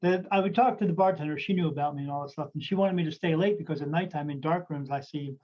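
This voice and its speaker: A man's voice: on the high side, fast. A man hosting a podcast as a medium, telling stories in a rambling, casual way with many fillers and restarts. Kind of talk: casual storytelling chat. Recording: dull lo-fi audio.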